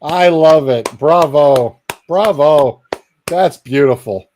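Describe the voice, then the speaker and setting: A man co-hosting a podcast, talking football in blunt, excitable banter. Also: on the high side, takes it slowly, slight background noise. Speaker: podcast co-host. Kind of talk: casual sports chat.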